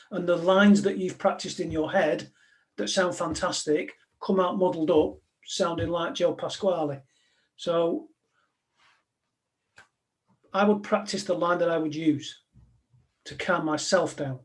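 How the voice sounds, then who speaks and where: Direct man giving a talk. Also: fairly high pitch. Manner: direct, anecdotal, conversational. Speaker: speaker, former police negotiator. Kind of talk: live motivational talk to an audience.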